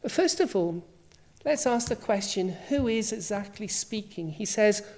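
A woman's voice: mid-range voice, expressive, a little slow, a little mellow. A woman preacher delivering a sermon, emphatic and full of rhetorical questions.

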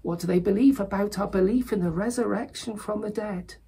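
A woman's voice: mid-range voice, a little fast, vocal fry, mellow, breathy edge. A woman preaching a sermon in an earnest manner, rising to emphatic.

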